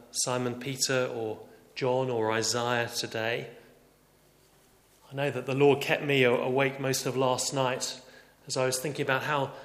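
A man preaching a sermon earnestly, moving between raised emphasis and quiet, reflective passages. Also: mid-range voice. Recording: echoey hall reverb.

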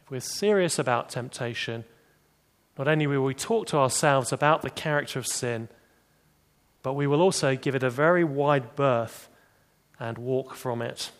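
A man preaching a sermon, animated, rising for emphasis and dropping to quiet, serious points. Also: medium pitch, normal speed. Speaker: pastor.

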